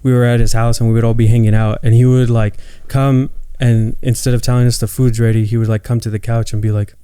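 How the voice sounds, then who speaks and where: A man's voice: medium pitch, flat delivery, fast, dark tone, smooth, no room sound. A man in his late twenties, co-hosting a podcast, telling family stories loosely and swearing freely. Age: 20s. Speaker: podcast co-host. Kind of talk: casual chat.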